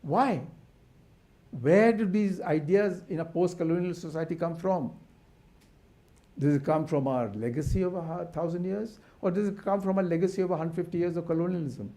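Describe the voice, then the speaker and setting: Delivering the keynote at a symposium, an older Indian man speaks with a high, mellow voice at a moderate pace. His delivery is passionate, full of rhetorical questions and frequent restarts.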